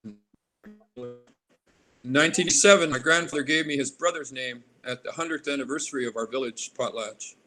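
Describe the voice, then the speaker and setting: A man in his sixties from Alaska, a guest in an interview, rambling warmly and drifting into tangents. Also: mid-range voice, a little fast, soft background music. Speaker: artist guest. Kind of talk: casual interview conversation.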